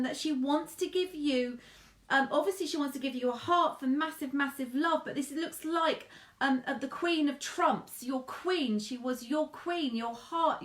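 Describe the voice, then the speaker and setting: High-voiced woman giving a gentle psychic reading. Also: echoey room. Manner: soft, halting, addresses sitter with endearments. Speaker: medium.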